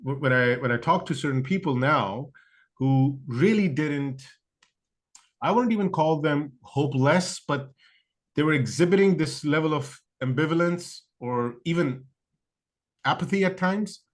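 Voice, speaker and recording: A man appears as a guest on an interview podcast, speaking in a reflective, chatty way packed with fillers and restarts. He performs other people's quoted excuses as he goes. His voice runs high and his pace is slightly slow.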